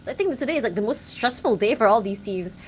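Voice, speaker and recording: A woman esports caster gives live commentary on a mobile match, bubbly, playful, and self-teasing. Her voice is fairly high, animated, and fast, with faint background noise.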